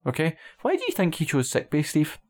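A man's voice: a little high, huge pitch swings, brisk, darkish tone. A man in a casual film-critique chat, exasperated and sarcastic, who swears casually and keeps asking "okay?" and "right?". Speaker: podcast co-host.

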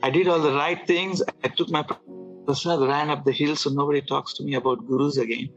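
A man casually telling a personal story, halting and restarting often, with filler words. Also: fairly high pitch, steady tone, dull audio, faint music behind. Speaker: guest telling his conversion story.

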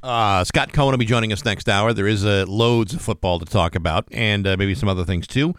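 A man's voice: on the low side, a little fast, smooth, no room sound. A man co-hosting a morning radio show, dry and teasing, with frequent fillers. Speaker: radio co-host. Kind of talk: casual morning radio banter. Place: radio studio. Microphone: studio mic.

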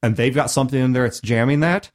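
A man's voice: medium pitch, fast. A man hosting a podcast in casual chat, talking emphatically and laughing often, from Missouri. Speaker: podcast host.

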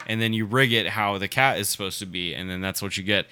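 A young man co-hosting a podcast in casual chat, joking and reacting with animated outbursts. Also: fairly low pitch, quick pace, smooth. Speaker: podcast co-host.

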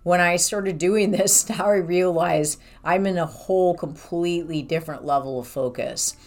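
A woman with a lowish, slightly mellow voice chats at a moderate pace about her own life, candid and rambling, acting out what she and others said. She is a professional who sees clients in an office, telling personal stories casually.

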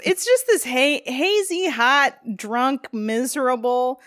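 A woman with a fairly high voice talks through a film in loose, rambling sentences, leaning on filler words and laughing as she goes. Her voice sounds dry and close, with no room echo. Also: expressive, slow pace, a bit bright. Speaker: podcast co-host. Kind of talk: casual film discussion.

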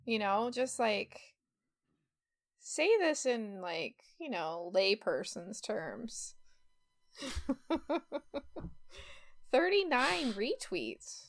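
A woman's voice: fairly high pitch, sing-song, very slow, pauses often. A woman co-hosting a casual podcast chat, reading tweets aloud and laughing often. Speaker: podcast co-host.

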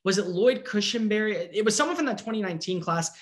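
Animated man breaking down sports. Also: high-pitched. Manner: fast, animated, opinionated. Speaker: sports analyst. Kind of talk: casual sports talk.

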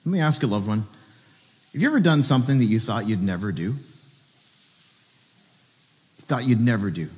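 A man's voice: medium pitch, a little mellow, in a large hall. A pastor preaching a sermon at a church service, earnestly asking his listeners direct questions.

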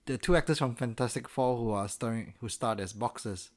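A man's voice: medium pitch, a little fast. Teasing man co-hosting a film chat. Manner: teasing, laughs often. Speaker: podcast co-host.

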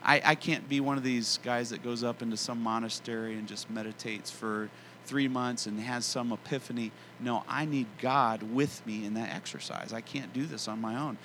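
Earnest male preacher with a bright voice. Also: mid-range voice, fairly even intonation, a little hiss or hum. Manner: earnest, conversational preaching with emphatic slowed phrases. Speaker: pastor. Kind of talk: sermon.

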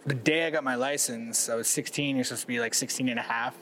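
A man's voice: mid-range voice, fairly even intonation, fast talker, a bit bright, slight background noise. A man in his forties from Massachusetts, a guest telling stories in casual chat, rambling with lots of filler and swearing. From Massachusetts, USA. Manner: rambling, laid-back, heavy use of "like" and swearing. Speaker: guest, pro skateboarder. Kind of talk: casual podcast storytelling.

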